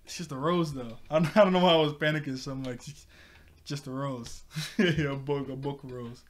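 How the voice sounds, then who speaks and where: A man's voice: medium pitch, fairly even intonation, moderate pace, a little hiss or hum. A man casually recapping a cartoon episode, rambling with many fillers and frequent laughs.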